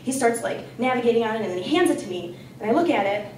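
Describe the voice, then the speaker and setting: A young woman with a fairly high voice tells a personal story at a campus storytelling night. She talks in an animated, chatty way, with lots of "like." The sound is roomy and echoey, as if she is well back from the mic. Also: very fast, slight background noise. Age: young adult. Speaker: student storyteller. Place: campus lounge storytelling event. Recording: echoey room, voice from far off.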